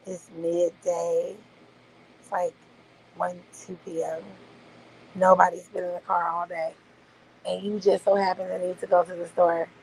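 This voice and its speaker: A woman's voice: lowish voice, creaky, a little mellow, slight background noise, rough recording. A woman hosting a casual livestream, chatting loosely with her viewers and swearing freely. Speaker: livestream host. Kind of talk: casual late-night livestream chat.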